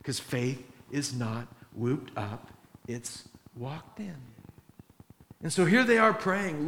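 Lively man preaching in a roomy church. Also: fairly high pitch, takes it slowly. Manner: animated storytelling, acting out quotes with laughter. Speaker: pastor. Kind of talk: sermon. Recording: roomy echoey sound.

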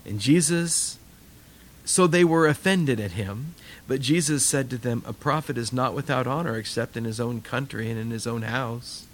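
A man's voice: medium pitch, moderate pace, a little hiss or hum. An older man preaching a sermon, telling stories animatedly and acting out voices. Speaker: pastor.

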